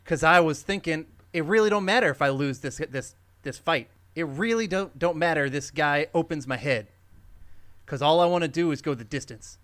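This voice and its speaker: A man reading the lines of a humble down-and-out male boxer, straight and flat, in a casual dramatic reading. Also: fairly high pitch, normal speed, close to an everyday voice. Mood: earnest.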